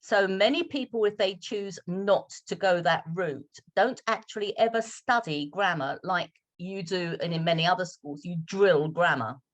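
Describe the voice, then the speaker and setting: A British woman English teacher from London, speaking with a polished RP accent in measured, slowed speech on a video call. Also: fairly low pitch. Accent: British RP, London roots. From London, England. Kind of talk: online Q&A talk.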